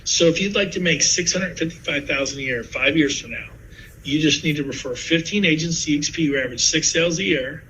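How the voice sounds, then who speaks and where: A man in his fifties giving a sales pitch to fellow real estate agents, telling stories with lively asides. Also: a little fast, a little hiss or hum, low-quality recording. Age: 50s.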